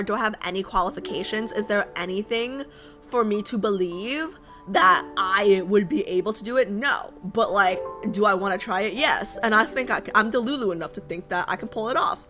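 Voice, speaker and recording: A woman's voice: mid-range voice, sharp tone. A woman streamer chatting casually with her viewers, rambling and often asking them questions. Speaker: live streamer. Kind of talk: casual live-stream chat. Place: home streaming setup in New York.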